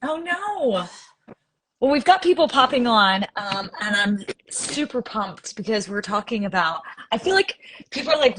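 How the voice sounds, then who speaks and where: A woman's voice: a little high, lively intonation, a little slow, a bit bright. A young woman from Indiana hosting a casual live stream on a video call, bubbly and chatty, often laughing.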